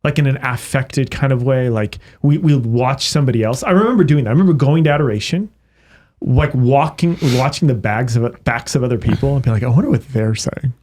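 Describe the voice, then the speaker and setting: A man's voice: medium pitch, brisk. A man who is a priest, telling stories animatedly in a casual podcast conversation. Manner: animated storyteller. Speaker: priest guest.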